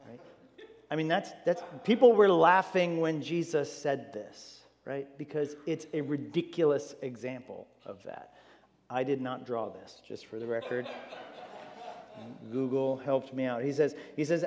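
A man preaching a sermon from the front of a church, lively, with joking asides and quick restarts. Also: mid-range voice. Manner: animated, jokey asides, repeats words. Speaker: pastor. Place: church hall. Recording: long hall reverb.

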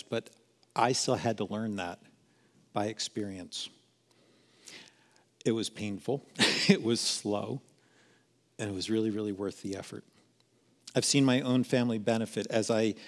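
A middle-aged man speaking at a parenting seminar, telling a candid, self-deprecating personal story in a sermon-like style. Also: on the low side. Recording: long hall reverb.

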